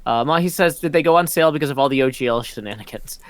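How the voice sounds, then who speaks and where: A man's voice: mid-range voice, very fast, a bit bright, dry recording. A middle-aged man hosting a community meeting over a voice call, rambling with lots of ums. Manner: rambling, frequent ums, breaks into laughs. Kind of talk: casual meeting chat. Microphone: computer mic on a voice call.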